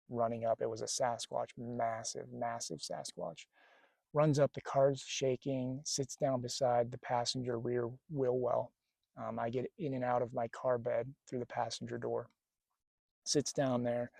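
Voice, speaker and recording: A man casually telling a spiritual experience to camera outdoors, rambling and animated, acting out the dialogue as he goes. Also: medium pitch, vocal fry, no room sound. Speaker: spiritual vlogger. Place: outdoors near a lake. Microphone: camera mic.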